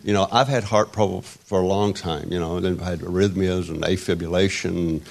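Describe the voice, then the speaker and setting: A man in his sixties preaching an informal sermon, rambling and halting with many restarts and wry self-deprecating humor. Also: low voice, steady tone, gravelly, a little mellow. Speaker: pastor.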